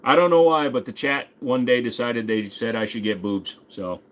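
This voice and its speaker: A man's voice: mid-range voice, animated, normal speed, fairly bright tone. Guy in his 40s chatting on a stream, easygoing, swears, a little background hiss. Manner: laid-back, swears casually, jokes with chat. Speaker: host. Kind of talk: casual livestream chat reading viewer questions.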